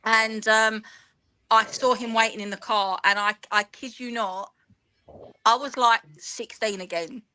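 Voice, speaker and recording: A woman, telling an animated, rambling story in an interview and acting out the dialogue. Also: on the high side, a little slow, smooth. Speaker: guest, football fan and teacher.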